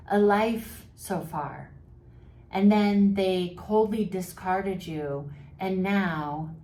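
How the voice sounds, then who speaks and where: A woman's voice: mid-range voice, a little mellow. Woman giving chatty, sympathetic advice. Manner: sympathetic and chatty, with teasing sarcasm. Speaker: mental health advice vlogger. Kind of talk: direct-to-camera advice talk. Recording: roomy echo with faint background noise.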